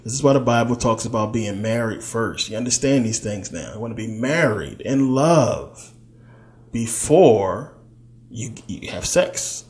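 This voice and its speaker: A man's voice: mid-range voice, expressive, unhurried, a little mellow. A man giving a loose, conversational spiritual teaching talk, full of fillers. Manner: loose, conversational, many fillers, slips into quoted voices.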